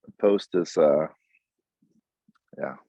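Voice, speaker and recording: A man chatting on a video call from outside by a house, halting with many fillers and pauses. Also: very deep voice, gravelly, mellow, slightly rough, no room sound. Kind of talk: casual chat. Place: outdoors by a house in the sun. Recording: dull lo-fi video call audio.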